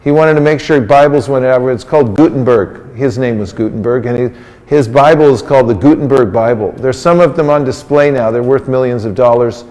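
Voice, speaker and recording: A man's voice: medium pitch, a little fast, darkish tone. A man giving an interactive sermon to a group, coaxing the audience into call-and-response answers in a playful, teasing way. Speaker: religious teacher. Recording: long reverb of a large hall.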